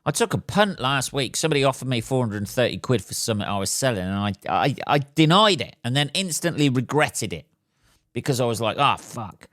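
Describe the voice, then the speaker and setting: A man, a podcast host and stand-up comedian, ranting casually and swearing, swinging between loud outbursts and mutters. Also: mid-range voice, animated, fairly quick, dry recording, clean studio sound. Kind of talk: casual solo podcast rant.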